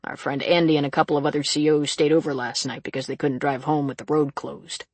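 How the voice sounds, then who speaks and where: A reader voicing a calm, gently probing male sheriff in an audiobook. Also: medium pitch, fast, dry recording, lightly acted. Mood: businesslike. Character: calm steady man, a rural sheriff. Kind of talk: audiobook character reading.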